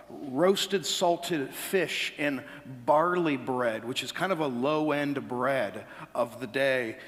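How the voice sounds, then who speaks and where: Male pastor, slightly high voice, joking sermon style, long church-hall reverb. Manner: humorous storytelling, animated asides to congregation. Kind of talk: sermon with anecdotes. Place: church sanctuary.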